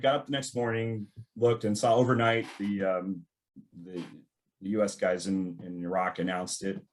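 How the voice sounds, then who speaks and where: A middle-aged man, a former intelligence analyst, telling a story in conversation, laughing often and acting out the voices of others. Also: lowish voice. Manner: animated, laughs often, acts out quoted voices.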